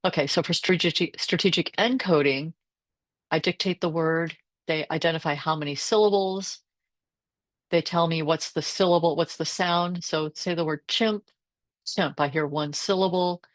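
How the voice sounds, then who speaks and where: A woman's voice: deep voice, moderate pace, no room sound. A woman reading tutor presenting a teacher workshop over a video call, explaining her lessons and modelling phonics sounds aloud.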